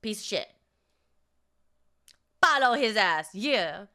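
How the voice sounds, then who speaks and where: A young woman vlogger telling stories in casual chat, profane and animated, often laughing and acting out quotes. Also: medium pitch, slow pace.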